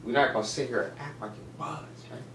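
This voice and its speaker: A man's voice: medium pitch, fast talker, reverberant, slight background noise. A man co-hosting a podcast in casual chat, joking and ranting with energy. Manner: joking, animated rants. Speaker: podcast co-host.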